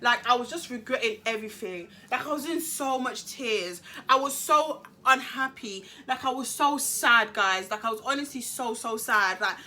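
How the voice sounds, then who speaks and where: Bright-voiced woman vlogger. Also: fairly high pitch, moderate pace, few pauses. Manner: animated, slangy, emphatic. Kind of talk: storytime vlog.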